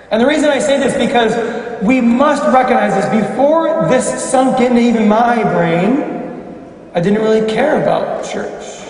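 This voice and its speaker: A high-pitched man gives a Catholic homily with emphatic, questioning rhetoric. He is recorded from a distance in a large church, so his voice rings through a long, echoey reverb. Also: a little mellow, a little hiss or hum. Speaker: Catholic priest. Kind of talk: homily at Mass. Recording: echoey church hall from far off.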